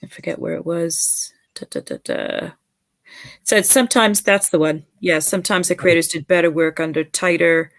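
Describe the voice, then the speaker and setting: A woman's voice: fairly low pitch, fairly even intonation, normal speed, vocal fry, no room sound. A woman co-hosting a casual podcast chat, agreeing readily and adding short remarks. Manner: agreeable, short backchannel replies. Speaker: podcast co-host.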